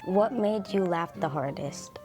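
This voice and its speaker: A woman co-hosting a podcast, reading out interview questions in a measured, deliberate way. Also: fairly low pitch, music in the background.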